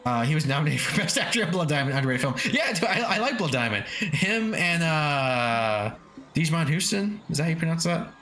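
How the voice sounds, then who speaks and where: A man's voice: a little high, very animated, brisk, bright, forceful tone, slight background noise. A man streaming games, chatting casually, reading chat aloud, swearing freely and chuckling often. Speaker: game streamer. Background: faint lofi background music.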